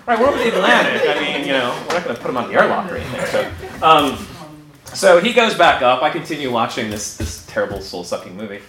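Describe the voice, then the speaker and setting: A man telling a funny story live on stage, animated, breaking into laughter and restarting sentences. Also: mid-range voice, fast talker, a crowd in the background. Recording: echoey room with background noise.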